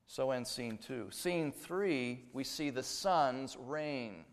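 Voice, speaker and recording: A man preaching a sermon, emphatic, swinging between loud declarations and hushed asides. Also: mid-range voice, lively intonation, slow pace, hardly any pauses. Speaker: pastor. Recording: long hall reverb.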